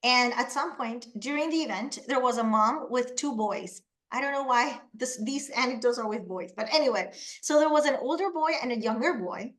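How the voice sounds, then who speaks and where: A woman from Panama, presenting a webinar and telling lively personal anecdotes. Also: on the high side, moderate pace. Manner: animated storytelling, acts out quoted voices.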